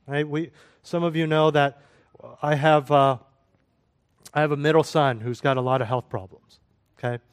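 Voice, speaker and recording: A middle-aged male pastor preaching a sermon to his congregation, swinging from loud exhortation to soft, quiet prayer. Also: on the high side.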